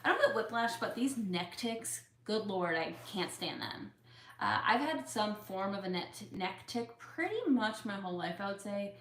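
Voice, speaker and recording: A young woman who has tics chats with her audience from home, sitting near a couch in an echoey room, answering their questions casually with many fillers and openly expressed feelings. Her mid-range voice is fairly bright, with lively intonation and a moderate pace.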